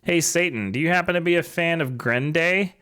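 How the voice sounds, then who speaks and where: A man's voice: fairly high pitch, fairly quick, sharp tone, clean tone, voice pushed up. A man putting on a squealing teen goth girl. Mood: shrieky excited.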